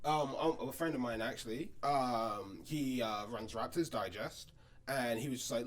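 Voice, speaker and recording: A man in his twenties, co-hosting a casual podcast chat and telling animated stories, acting out the voices of people he quotes. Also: medium pitch, normal speed. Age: 20s. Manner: animated storyteller who acts out quoted voices. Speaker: podcast co-host.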